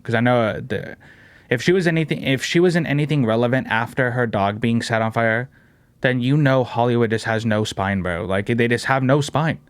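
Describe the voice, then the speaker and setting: A man's voice: medium pitch, fairly quick, no echo. A man hosting a casual podcast, brash and joking, swearing and saying "bro" and "dude" a lot. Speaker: podcast host.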